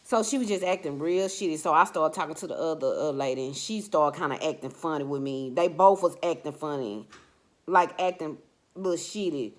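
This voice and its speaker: A woman's voice: deep voice, a little fast. A woman vlogger telling a personal story in casual, emphatic talk, addressing her listeners directly. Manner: emphatic, animated, talks straight to listeners.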